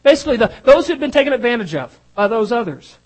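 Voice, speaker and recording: A preacher delivering an emphatic sermon, moving between loud stresses and hushed lines. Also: medium pitch, big pitch swings, fast, low-quality recording.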